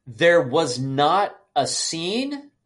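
A man's voice: a little high, big pitch swings, very slow, a bit bright. A man co-hosting a casual podcast who picks apart a film's plot and acts out scenes in raised voices. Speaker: podcast co-host. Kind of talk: casual movie review chat.

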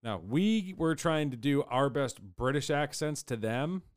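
A man's voice: medium pitch, animated, unhurried, dry recording, studio quality. A man co-hosting a podcast, rambling casually with frequent fillers and swearing. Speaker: podcast co-host. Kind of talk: casual chat.

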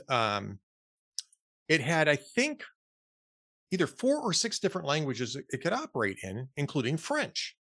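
A man's voice: medium pitch, a bit bright, no room sound, studio quality. A middle-aged man co-hosting a podcast, telling a story in casual chat and laughing often. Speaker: podcast co-host.

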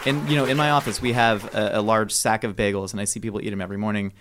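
A man's voice: fairly low pitch, fairly even intonation, fast talker, hardly any pauses, fairly bright tone. A man arguing his side on a casual podcast, rambling and jokey with mock-earnest asides. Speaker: podcast co-host debater.

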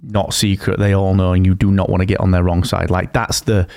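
A man co-hosting a casual podcast, relaxed and rambling, with blunt slang. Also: low voice, fairly quick, gravelly. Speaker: podcast co-host. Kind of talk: casual chat.

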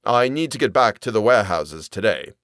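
A smooth, courteous uncle, played by a male reader in an audiobook story. The voice is low-pitched and smiling and moves with a lively rise and fall. It sits close and dry. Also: brisk, no room sound. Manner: polite, benevolent, smiling. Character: smooth, falsely kind middle-aged uncle.

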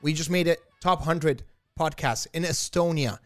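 A man co-hosting a podcast in casual banter, pitching his ideas with eager insistence. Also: normal speed, dry recording, studio quality. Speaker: podcast co-host.

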